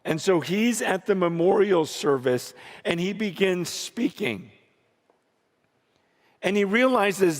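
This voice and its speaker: A male preacher with a high voice tells a story at a slow, deliberate pace. He sinks into hushed, low passages and then climbs to loud, emphatic peaks. The sound carries a long reverb, as in a large hall. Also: expressive. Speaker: pastor. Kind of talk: sermon storytelling.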